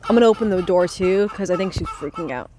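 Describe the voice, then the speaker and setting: A young woman vlogging casually by her chicken coop, rambling and swearing as she hushes her hens. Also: on the low side, fast talker, noisy background. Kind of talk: casual chat while reading aloud. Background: faint chicken clucking.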